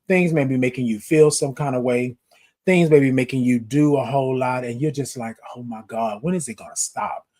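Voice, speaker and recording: A man's voice: medium pitch, a little mellow. A man hosting a motivational livestream, talking straight to his viewers with repetitive, emphatic affirmations. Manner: talks directly to viewers. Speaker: host.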